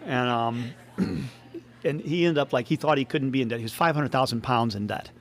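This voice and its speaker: A man's voice: medium pitch, normal speed. A man co-hosting a podcast, rambling through a story in casual chat and laughing often. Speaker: podcast co-host.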